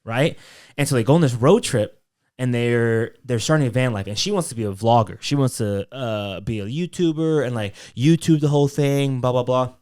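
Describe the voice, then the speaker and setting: A man's voice: mid-range voice, normal speed, a little mellow, clear, resonant tone. A young man co-hosting a podcast, telling a story in casual chat with loose fillers and quoted voices. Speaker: podcast co-host.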